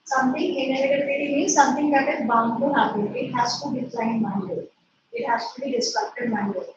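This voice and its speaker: Lady teacher, high voice, slow dictation, echoey far off muffled recording. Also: lively intonation. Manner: slow dictation, repeating and spelling words. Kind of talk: dictating a class lesson. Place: classroom or online class. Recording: echoey, distant, muffled with noise.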